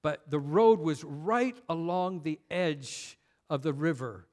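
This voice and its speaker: A man's voice: fairly high pitch, expressive, takes it slowly. Emphatic storytelling preacher, man. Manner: storytelling, rising to emphatic intensity. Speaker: pastor. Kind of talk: sermon.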